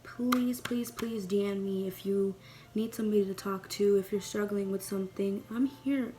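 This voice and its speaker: A woman's voice: medium pitch, fairly even intonation, normal speed, mellow, soft background music. A young woman vlogging at home, chatting casually and rambling with lots of cursing while doing her makeup. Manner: chatty, profane, rambling and playful.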